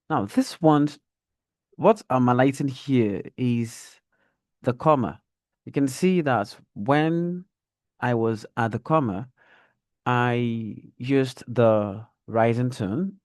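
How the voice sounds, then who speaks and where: Male reading teacher, unhurried and careful, models intonation, dry close sound. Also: medium pitch, a little mellow, no echo. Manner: slow, deliberate, demonstrates intonation. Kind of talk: online reading lesson.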